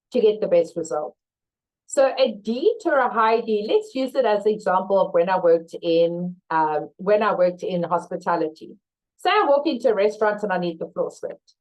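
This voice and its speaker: A woman's voice: mid-range voice, low-quality recording. A woman teaching a live online leadership masterclass, reading out viewers' chat replies and acting out short workplace role-plays. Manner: lively, acts out staff replies in role-play. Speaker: leadership trainer.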